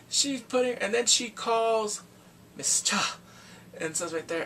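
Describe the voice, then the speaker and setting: A man recapping a TV drama in casual talk, acting out the characters' lines in quick animated bursts. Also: on the high side, vocal fry, far from the mic, a little hiss or hum. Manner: animated, acts out quotes from the show in quick bursts. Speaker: drama reviewer.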